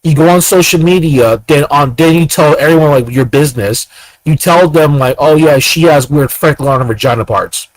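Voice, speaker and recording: A man with a somewhat high voice launches into an angry, profane monologue. He talks fast and repeats himself. The sound is dry and close to the mic. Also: no room sound, low-quality recording. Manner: angry, profane, rapid rant. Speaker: host. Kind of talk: ranting monologue.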